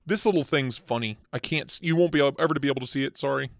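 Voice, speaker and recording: A casual, blunt man hosting a chat stream, excitable and quick to swear, sounding tired. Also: medium pitch, vocal fry, no room sound, clean studio sound. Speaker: channel host.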